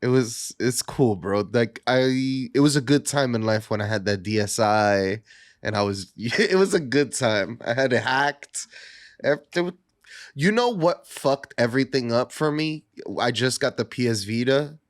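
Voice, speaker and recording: A man's voice: mid-range voice, measured pace, dry recording, studio quality. A man co-hosting a podcast, telling casual stories in a laid-back way and swearing freely. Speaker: podcast co-host. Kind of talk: casual chat.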